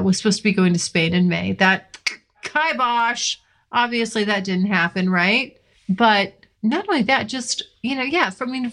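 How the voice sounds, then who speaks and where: A woman's voice: medium pitch, fairly bright tone. A woman hosting her own podcast, venting frankly and with plenty of swearing. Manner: frank and profane, venting with laughs. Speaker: podcast host. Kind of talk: candid solo podcast rant. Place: California. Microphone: filmed while recording.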